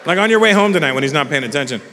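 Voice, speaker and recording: A man doing a stand-up routine, telling a story with swearing and acting out other people in squeaky voices. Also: animated, racing, sharp tone, some chatter behind, slight background noise. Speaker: stand-up comedian. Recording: live theatre with long reverb.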